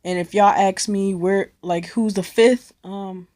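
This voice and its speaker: In a casual vlog, a young woman from Cleveland in the United States rambles through a story loaded with slang and swearing. Her mid-range voice is a little mellow, with fairly even intonation and an unhurried pace.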